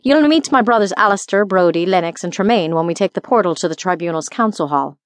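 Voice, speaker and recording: In an audiobook, a woman voices a flirty Scottish dragon-shifter bounty hunter, teasing and affectionate, with a Scottish accent. Her natural voice is lowish, quick and lively in intonation, in clean studio sound without room noise.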